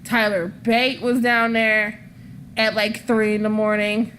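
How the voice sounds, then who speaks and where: A woman's voice: mid-range voice, little pitch movement, slow pace, a bit bright, a little hiss or hum. A woman hosting a podcast, telling rambling stories in casual chat, swearing freely and laughing often. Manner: rambling, profane storytelling. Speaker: wrestling podcast host.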